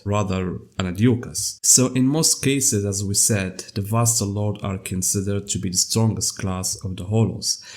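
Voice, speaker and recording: A man with a cold and a scratchy voice, hosting an anime lore channel in a measured, scripted explainer narration. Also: fairly low pitch, a little mellow.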